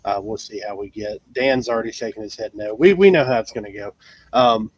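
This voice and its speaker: A man's voice: fairly low pitch, brisk, breathy edge, no room sound. A man hosting a casual live racing talk show, with many fillers and restarts. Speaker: podcast host.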